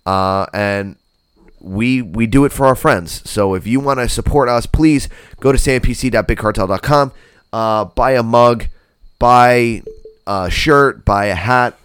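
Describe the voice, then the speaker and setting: A laid-back man hosting a podcast, swearing freely as he signs off. His voice is smooth and resonant, and the sound is dry and close to the mic. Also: mid-range voice, unhurried, a bit bright, no room sound. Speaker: podcast host. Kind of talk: casual podcast banter.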